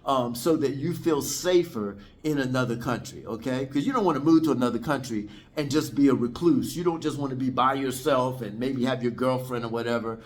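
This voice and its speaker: A man's voice: mid-range voice, brisk, few pauses. A man from the United States, chatting casually to camera as a vlogger, rambling and repeating himself and calling viewers guys, indoors in his apartment. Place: indoors, apartment on a third floor.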